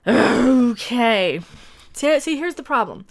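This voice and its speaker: A woman with a high-pitched voice tears into an article as an online commentator. She sounds mocking and sarcastic, swears freely and throws in exaggerated exclamations. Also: big pitch swings, takes it slowly. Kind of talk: sarcastic reaction rant.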